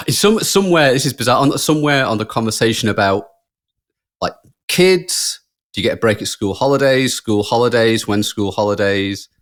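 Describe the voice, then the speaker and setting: A podcast co-host rambles through stories in casual conversation, laughing often. He has a mid-range, fairly bright voice, sounds animated, and talks at a normal speed.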